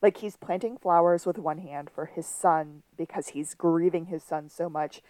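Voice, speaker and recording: A woman co-hosting a casual podcast, talking through an episode with a slightly low voice. The sound is dry and close, with no room around her. She tosses in quick quoted lines as she retells scenes. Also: steady tone, mellow, dry recording. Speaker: podcast co-host. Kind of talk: casual episode recap chat.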